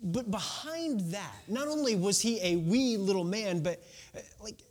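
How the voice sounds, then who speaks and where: A man's voice: high voice, animated, a little slow, a little mellow. A man preaching a casual, conversational sermon, retelling a Bible story and checking in with "right?". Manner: sings a children's song.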